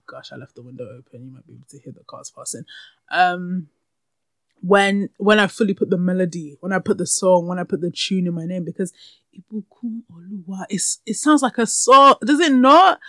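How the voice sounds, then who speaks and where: A young woman with a lowish voice hosts her own podcast solo, talking candidly and laughing often. She's close to a podcast mic in a room at home with the window open, and the recording is dry.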